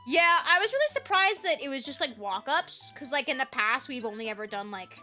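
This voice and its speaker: A young woman streamer telling a trip story in casual live-stream chat, animated and swearing freely. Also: sits high, brisk, soft background music.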